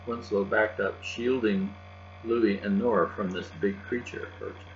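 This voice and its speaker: Man, audiobook narrator, steady gentle reading, faint music behind. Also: on the low side, normal speed. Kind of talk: children's book read aloud. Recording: dull lo-fi with faint music and hum.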